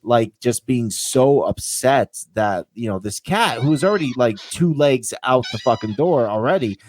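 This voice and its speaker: Male podcast host from Vermont, lively storyteller, close dry mic. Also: mid-range voice, moderate pace, no room sound. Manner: animated storyteller who acts out pets' voices; swears casually. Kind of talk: casual chat.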